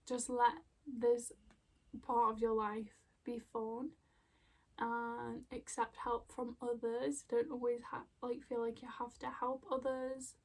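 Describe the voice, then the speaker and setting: A young woman giving an emotional oracle card reading at home, soft and rambling with many fillers. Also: fairly high pitch, little pitch movement, slow. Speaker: spiritual card reader. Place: home room with plants.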